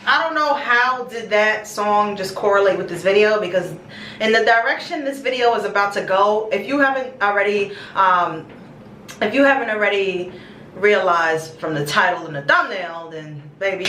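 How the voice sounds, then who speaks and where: A woman's voice: mid-range voice, moderate pace, a bit bright, slight background noise. A young woman vlogging in a small bathroom, chatting to her viewers in a rambling, affectionate way and calling them her babies. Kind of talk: casual chat to camera. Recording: echoey bathroom, distant mic.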